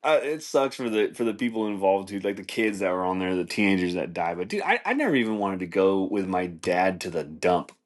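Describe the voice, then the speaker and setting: A man's voice: sits low, lively intonation, a little fast, few pauses. A man hosting a podcast, rambling in casual chat with a lot of swearing and restarts. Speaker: podcast host.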